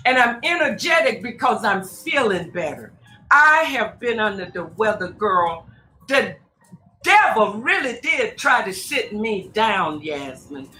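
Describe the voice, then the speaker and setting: Slightly high, bright and forceful, the voice belongs to a female spiritual advisor from Tacoma, Washington, appearing as a radio guest. Her talk is casual and preachy, full of emphasis and exclamations, with the host called "girl" and "honey." The recording has room echo and faint noise.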